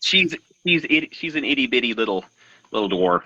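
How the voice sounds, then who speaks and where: A man's voice: mid-range voice, brisk, highs cut off, slight background noise. A man from Texas with a light Texan accent, a guest on a casual live-stream chat, telling stories with dry humor. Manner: relaxed storyteller, dry humor.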